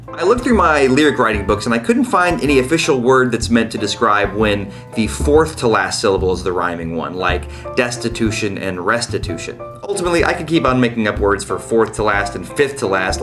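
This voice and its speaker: A man teaching songwriting in a comedic video lesson. His voice swings widely up and down in pitch as he explains the rules. He keeps slipping dry, jokey asides between the points. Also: a bit bright. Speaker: online lyric-writing teacher.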